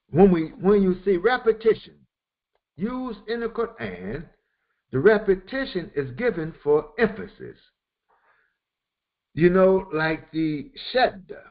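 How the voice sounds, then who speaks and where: Brief: male religious teacher, slow and measured, rises and falls a lot, dull lo-fi recording. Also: a little high. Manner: repeats phrases for emphasis, halting restarts. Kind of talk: Quran commentary lesson.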